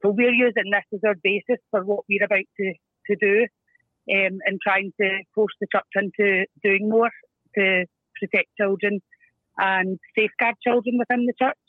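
A woman's voice: mid-range voice, fairly even intonation, moderate pace, no echo. Woman explaining over a phone line. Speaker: caller and guest. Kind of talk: call-in talk.

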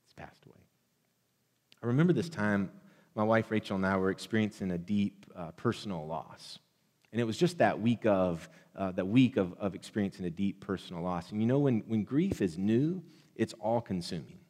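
A man preaching a sermon, building to loud, impassioned repeated blessings. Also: lowish voice, brisk, in a large hall. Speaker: pastor.

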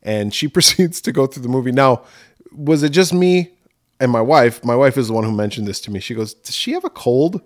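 A man's voice: mid-range voice, fairly quick. A man co-hosting a podcast in casual chat, blunt and swearing freely as he acts out movie lines. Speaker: podcast co-host.

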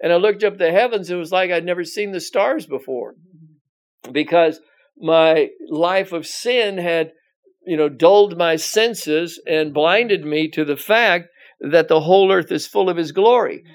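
Brief: male pastor, fairly high voice, loose conversational Bible teaching, lots of restarts. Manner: rambling, frequent "you know" and restarts; reads scripture aloud with emphasis.

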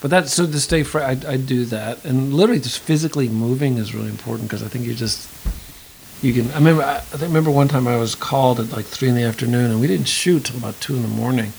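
A man's voice: medium pitch, quick pace, vocal fry, a little mellow, rough recording. A middle-aged male actor and acting teacher in an interview, talking thoughtfully and rambling, with many restarts. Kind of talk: conversational interview. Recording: faint hiss.

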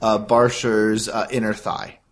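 A man's voice: fairly low pitch, little pitch movement, measured pace. A man, a player, explaining his character in casual chat, joking in a mock-formal way.

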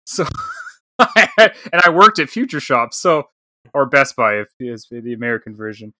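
A man's voice: mid-range voice, measured pace, dry recording, studio quality. A man in his thirties, a podcast co-host, telling a casual story and acting out the dialogue. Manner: animated storyteller, acts out quoted dialogue.

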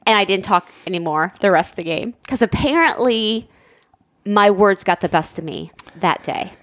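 A woman's voice: normal speed, dry recording. A woman in her thirties telling a family story in casual chat, acting out quotes with big jumps in her voice. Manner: animated, acts out quotes with big pitch jumps. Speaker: podcast co-host, parent.

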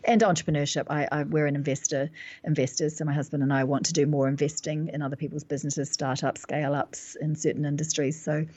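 A woman's voice: low voice, level tone, fast talker, darkish tone, breathy edge, dry recording. A New Zealand woman in her forties, a business consultant recounting her career in an interview, self-assured and reflective, with frequent fillers. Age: 40s. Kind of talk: interview storytelling.

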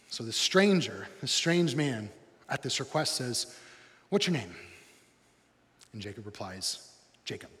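A man preaching a sermon, animated, swinging between loud excited bursts and quiet, low, intense stretches. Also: big-room sound. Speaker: pastor.

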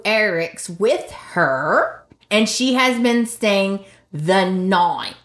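A woman's voice: mid-range voice, animated, extremely slow, fairly bright tone, echoey room. A woman co-hosting a podcast, chatting casually and emphatically about a soap opera, laughing often. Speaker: podcast co-host.

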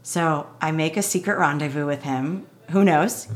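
A woman with a fairly low speaking voice, recounting a personal story as a podcast guest. Her talk is loose and chatty, peppered with "like", and she slips into the voices of both people in the exchange. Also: moderate pace. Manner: chatty, heavy on "like", acts out both sides of conversations. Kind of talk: casual storytelling.

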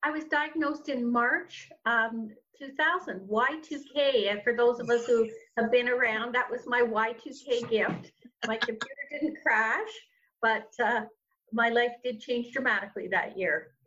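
A woman's voice: a little high, a little slow, fairly bright tone, slight background noise. A middle-aged woman, a podcast guest telling her story in an earnest, rambling way with many restarts. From Canada. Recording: dull lo-fi sound.

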